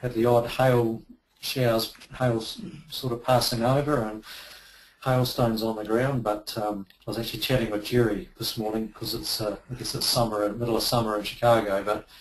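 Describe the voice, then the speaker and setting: A man's voice: fairly low pitch, level tone, normal speed, slight background noise, poor audio. A man, a guest from New Zealand, chatting easily with some hesitation. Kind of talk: casual chat.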